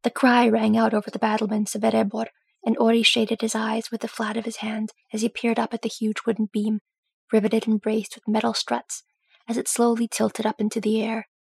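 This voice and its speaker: A woman reading a fan fiction audiobook in a steady, even storytelling manner. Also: a little high, brisk, vocal fry, slightly rough, dry recording. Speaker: audiobook reader.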